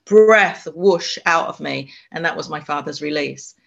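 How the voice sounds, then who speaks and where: A woman's voice: deep voice, vocal fry. A woman, an author and spiritual medium, telling her story in an interview, with frequent ums and restarts. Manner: halting, many restarts and ums.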